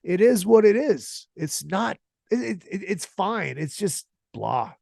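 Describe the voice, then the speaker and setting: A man's voice: high-pitched, lively intonation, a little slow, creaky, mellow, dry recording, studio quality. A man hosting a podcast, talking casually with heavy swearing and strong opinions. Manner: profane, opinionated, emphatic. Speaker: podcast host. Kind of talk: casual solo podcast rant.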